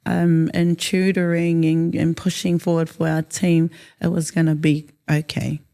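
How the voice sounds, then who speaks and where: Interview guest: woman, soft dark timbre, loose and rambling, drops in Māori words. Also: sits low, little pitch movement, a little slow, vocal fry. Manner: rambling, many fillers, mixes in Māori words. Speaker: interview guest, haka performer. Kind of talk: casual interview chat.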